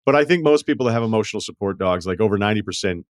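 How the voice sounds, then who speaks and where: A man's voice: lowish voice, lively intonation, rapid-fire, no room sound, studio quality. A man hosting a podcast, telling stories in a wry, profane, casual way. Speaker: podcast host. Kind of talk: casual chat.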